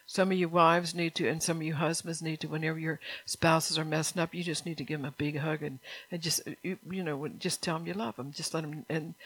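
A woman's voice: low voice, a bit bright, no room sound, poor audio. A woman preaching a sermon in a folksy, earnest way, often laughing between points.

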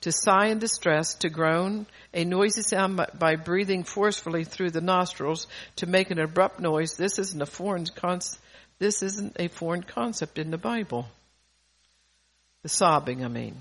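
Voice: medium pitch, moderate pace, a bit bright. A preacher and parent giving a sermon, reading psalms aloud in an earnest voice that swells in force on key lines and often stumbles and restarts mid-phrase. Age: adult parent.

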